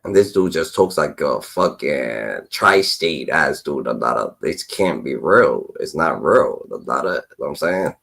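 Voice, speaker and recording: A man hosting a stream, reacting to clips in an animated rant and ending lines with a repeated filler word. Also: very deep voice, unhurried, vocal fry, few pauses, breathy edge, low-quality recording. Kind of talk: casual ranting commentary.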